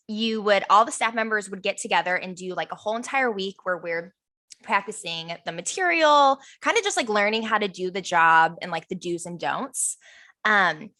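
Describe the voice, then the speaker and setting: A woman's voice: medium pitch, normal speed, sharp tone. A young woman co-hosting a podcast, telling a story in casual chat and acting out what people said. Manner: bubbly storyteller, acts out quotes. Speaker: podcast co-host.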